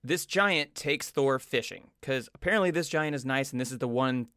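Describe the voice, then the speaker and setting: A man co-hosts a podcast, chatting casually and profanely with joking asides. His medium-pitched voice is clean and fairly bright at a moderate pace, captured in a dry, clean studio recording.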